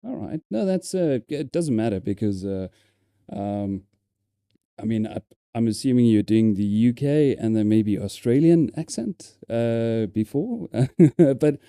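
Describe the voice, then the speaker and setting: A man's voice: medium pitch, animated, unhurried, warm tone, clean tone, no room sound, studio quality. A man with a South African accent, chatting casually on a live stream, hesitant with many ums and repeated words.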